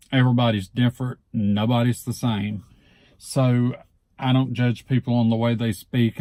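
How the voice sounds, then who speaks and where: Southeast Alabama man, mellow and dry. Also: mid-range voice, no echo. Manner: relaxed, repeats words slowly and deliberately. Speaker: vlogger. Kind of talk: casual word-list reading.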